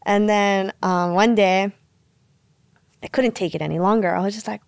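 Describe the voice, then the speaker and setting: A woman's voice: mid-range voice, moderate pace, gravelly, long pauses, no room sound, clean studio sound. A woman in her twenties from Hawaii, a pro surfer guest telling a story in casual podcast talk, full of "like" and acted-out quotes. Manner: animated, acts out quotes, lots of "like".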